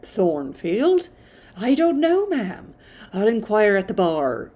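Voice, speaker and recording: A woman voicing a polite, hurried male inn waiter in a read-aloud novel. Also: mid-range voice, wildly swooping pitch, mellow, exaggerated voice.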